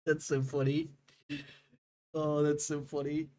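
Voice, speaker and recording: A man's voice: a little high, little pitch movement, takes it slowly, mellow. Young man rambling on a game stream. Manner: rambling, laughing, swears freely. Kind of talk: casual stream chat with viewers.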